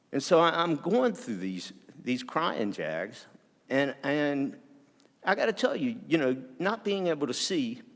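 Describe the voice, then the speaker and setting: Earnest man speaking in a reverberant hall. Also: on the high side. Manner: earnest, halting, with frequent restarts. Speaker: speaker sharing a personal story. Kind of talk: candid personal talk to an audience.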